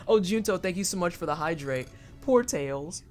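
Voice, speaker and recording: Lively, chatty game streamer. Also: mid-range voice. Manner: chatty, thanks viewers, playful asides. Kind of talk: casual live-stream chat while gaming.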